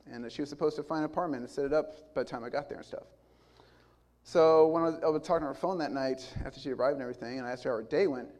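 Male preacher, forties, slightly high voice, earnest and emphatic, repeats lines for weight. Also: darkish tone. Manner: earnest, emphatic, building repetition. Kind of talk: sermon.

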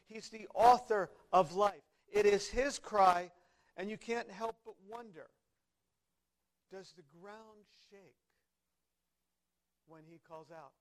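A man preaching a sermon, earnest and expressive, dropping to quiet reflection and rising to loud emphasis. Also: high voice, low-quality recording.

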